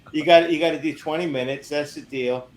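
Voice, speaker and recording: A man's voice: fairly high pitch, brisk, over a noisy crowd. Self-mocking man in an echoey room. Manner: lively, self-mocking storyteller. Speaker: comedian guest. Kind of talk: casual chat, storytelling. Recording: echoey room, faint noise.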